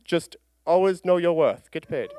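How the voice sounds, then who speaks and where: A man's voice: a little high, expressive, normal speed, warm tone, smooth, natural voice. A man putting on Goots, a diva goose mascot. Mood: sassy. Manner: campy and boastful, diva-like. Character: sassy male celebrity goose mascot. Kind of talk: comic skit.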